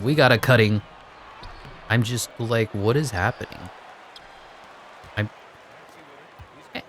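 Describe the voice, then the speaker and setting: A man giving sarcastic, exasperated commentary over his own basketball video game play, jumping up high when he gets annoyed. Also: slow, pauses often, a little hiss or hum. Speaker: gaming commentator. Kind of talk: live gameplay commentary.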